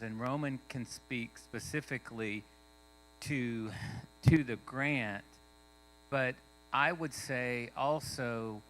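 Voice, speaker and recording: A man's voice: medium pitch, fairly bright tone, slight background noise, rough recording. A man replying at a public meeting, careful and a little hesitant. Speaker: tribal member responding at a meeting.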